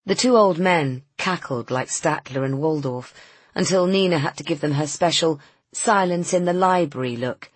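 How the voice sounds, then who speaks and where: A woman narrating an audiobook in a measured, expressive reading. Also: sits low, breathy edge, no room sound.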